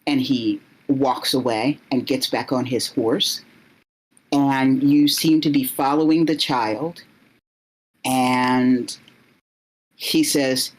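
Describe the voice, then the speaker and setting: A woman narrating a story as she recounts a vision, halting and searching for words as she goes. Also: very deep voice, fairly even intonation, rough recording. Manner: halting, many fillers and restarts.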